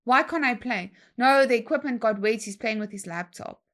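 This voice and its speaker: A young woman tells a story in a relaxed chat. Her voice sits a little high, and she uses slang freely. She acts out other people's lines as she goes. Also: moderate pace. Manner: animated, slangy storytelling with quoted dialogue. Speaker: guest DJ.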